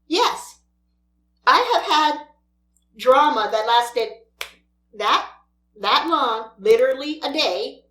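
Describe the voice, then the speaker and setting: A woman's voice: sits high, expressive, slow, long pauses, fairly bright tone, roomy sound. A woman mukbang vlogger ranting in an exasperated, scolding way at other creators while she eats. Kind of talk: ranting vlog while eating.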